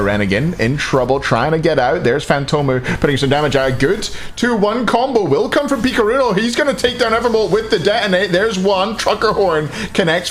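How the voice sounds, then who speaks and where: A man's voice: on the high side, slight background noise. A Scottish man casting a live esports match, joking and chatting with viewers between plays. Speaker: esports caster.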